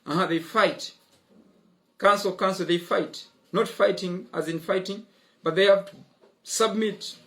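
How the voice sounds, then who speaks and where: A man's voice: sits high, fairly even intonation, a little slow, a bit bright. A man explains legal ideas in an online lesson. He is emphatic, repeating key words and filling gaps with "uh-huh" and "mm-hmm." He sounds young. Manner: emphatic, drilling points home. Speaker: law teacher.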